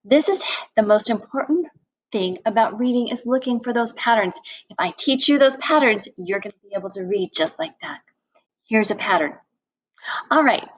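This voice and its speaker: A woman's voice: a little high, expressive, normal speed, poor audio. A woman teaching a children's phonics lesson, acting out vowel sounds with big exclamations.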